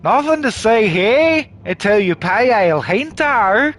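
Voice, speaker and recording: A man voicing a bald, brutish guard in a video game, with a put-on Australian accent, slow and loud. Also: high voice, expressive, slight background noise, voice pushed up, exaggerated voice. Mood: gruff.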